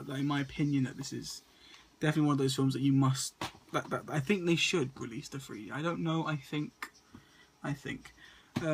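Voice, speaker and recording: A man's voice: on the high side, gravelly, noisy background. A man, stuttering and restarting often as he casually talks through a list of movies to his camera. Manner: stutters and repeats words often. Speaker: movie vlogger.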